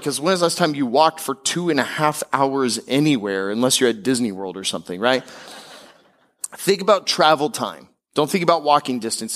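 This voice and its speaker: Male pastor, sermon delivery, emphatic yet casual, higher-pitched voice. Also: fairly bright tone. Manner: emphatic preaching with casual asides; slows and climbs in pitch on key declarations.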